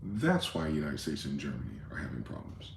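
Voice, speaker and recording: A man's voice: very deep voice, sing-song, a little fast, reverberant, a little hiss or hum. A man hosting a rambling late-night monologue, profane and conspiratorial in tone, with many asides. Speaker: host.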